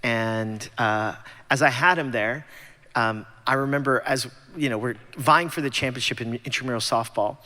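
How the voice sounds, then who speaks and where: This forties-aged guest speaker from Los Angeles tells his personal story at a church gathering with casual, self-mocking humor. His medium-pitched voice is sharp in tone at a moderate pace, echoing with long reverb through a big church sanctuary.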